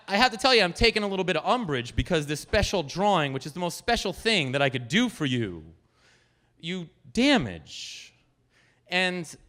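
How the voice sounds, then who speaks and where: Lively man telling a story on stage. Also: a little high. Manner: animated, self-amused, chatty with the audience. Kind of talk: live storytelling performance. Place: stage at a live storytelling event. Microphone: handheld stage microphone.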